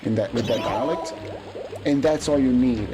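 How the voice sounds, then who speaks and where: An Italian-accented man chats through a speedrun stream, mulling over his opinions with frequent restarts. His voice sits at an ordinary middle pitch. Game music plays clearly behind him. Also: moderate pace. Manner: musing, opinionated, hesitant with restarts. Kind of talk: casual chat while gaming.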